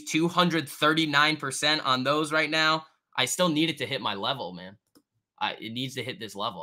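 A man with a bright, forceful voice hosts a live trading stream. He talks loosely and casually, full of slang, answering viewers' chat as he goes. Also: fairly high pitch. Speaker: trading livestream host.

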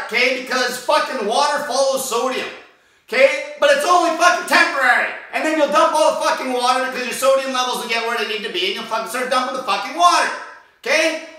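A man with a high-pitched, piercing voice tears into his audience with nonstop profanity and frequent shouting. He sounds aggressive and relentless. The recording is boomy and echoey, and he stands some distance from the mic. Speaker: diet vlogger. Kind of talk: profane fasting rant.

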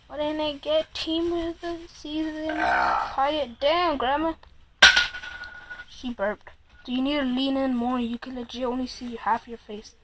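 A high, bright-sounding woman calls out a pack-opening game in loose, casual commentary. She is excitable and swears freely, needling her opponent as she goes. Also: background noise. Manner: excitable, swears a lot, teases the other player. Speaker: player and commentator. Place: room at home, Android phone game.

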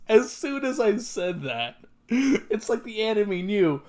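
Brief: male anime reactor, exasperated, curses freely, unhurried delivery with muttered asides. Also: sits high, sing-song, a little mellow. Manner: exasperated, swears a lot, repeats himself; drops into muttered whispers. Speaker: anime reaction channel host. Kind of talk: casual reaction commentary.

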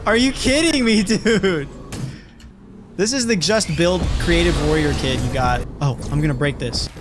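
A young man streaming a video game, loud and hyper, swearing and trash-talking other players as he plays. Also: a little high, unhurried. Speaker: gaming streamer. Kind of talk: excited gameplay commentary. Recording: music playing behind.

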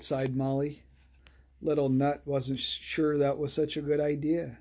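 Breathy calm bedtime storyteller. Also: medium pitch, a little slow.

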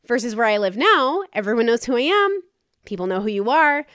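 A woman's voice: fairly high pitch, very animated, brisk, fairly bright tone, dry recording, studio quality. A woman hosting her own podcast, talking frankly and casually in a solo monologue, with some swearing. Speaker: podcast host.

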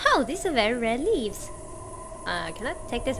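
A woman's voice: high-pitched, sing-song, normal speed, fairly bright tone, a little hiss or hum. Jumpy woman playing a creepy game. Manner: jumpy, exclamatory reactions. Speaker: let's play gamer. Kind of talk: gameplay commentary. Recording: game music underneath.

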